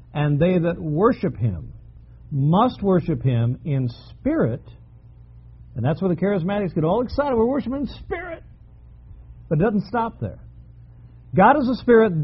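High husky guy preaching, hammers on his points over and over, kinda muffled lo-fi sound. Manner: emphatic, repeats key phrases for stress. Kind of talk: sermon.

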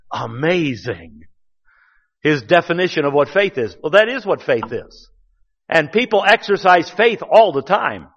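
Man, pastor, sermon, folksy, emphatic, slightly high voice, long reverb. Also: a bit bright. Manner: folksy preaching, rising to emphatic bursts. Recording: dull sound with long church reverb.

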